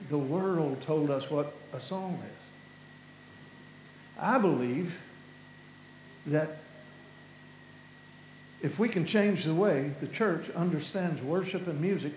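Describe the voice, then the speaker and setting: A man with a Kentucky Appalachian accent preaches in a high, lifting voice, full of feeling and prone to halting restarts. The sound is roomy and echoing, with a faint hum underneath. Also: a little mellow. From Kentucky, USA. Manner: impassioned, halting, repeats words and restarts, voice rises with feeling. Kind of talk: passionate sermon-style talk.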